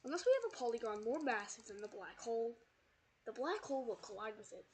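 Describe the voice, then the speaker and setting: A woman's voice: a little high, expressive, fast, a little mellow, slight background noise. A woman streamer in a put-on British accent, casually rambling as she explains a physics sandbox game while playing. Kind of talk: casual gameplay commentary.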